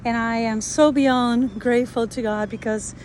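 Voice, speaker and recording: A woman's voice: fairly high pitch, steady tone, moderate pace, darkish tone, a little hiss or hum, rough recording. A woman speaking casually to camera at her wooded building site, with many fillers and restarts. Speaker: tiny house builder. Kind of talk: casual vlog talk to camera.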